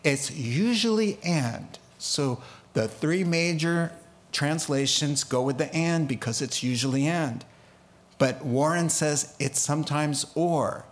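A man delivers a relaxed expository sermon, taking his time over each point. His voice sits a little high, and he slips into the voices of the people in the story before stepping back to comment. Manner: animated, acts out biblical characters with quick asides and laughs. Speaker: preacher.

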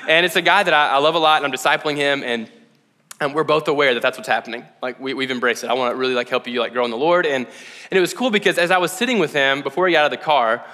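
Animated young man preaching in a reverberant hall. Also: a little high. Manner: casual, animated, slangy preaching with frequent "like" and "right?". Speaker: pastor. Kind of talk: sermon. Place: church hall.

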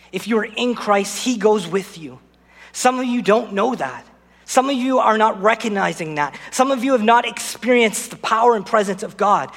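High-voiced earnest male pastor preaching. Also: fairly bright tone, big-room sound. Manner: earnest, storytelling, addresses the congregation directly. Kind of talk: sermon.

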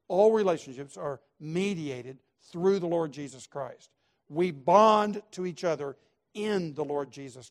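A male pastor delivers a sermon in a somewhat high voice. He drives his points home by repeating key phrases, dropping to near-quiet asides before rising to forceful stresses. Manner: emphatic, repetitive, swings from quiet to loud.

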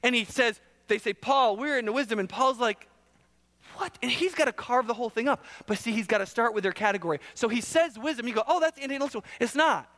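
A man preaching a sermon as pastor, talking conversationally and often checking with the congregation with quick questions. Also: extremely high pitch, long reverb tail. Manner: conversational, animated, asks the audience questions. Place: church hall.

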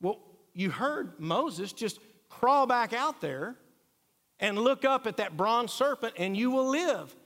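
A man's voice: extremely high pitch, animated, slow pace, fairly bright tone, big-room sound, voice pushed up, heavily acted. A man preacher voicing a firm, insistent ancient Israelite wife who urges her husband to go and look. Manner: urging, firm.

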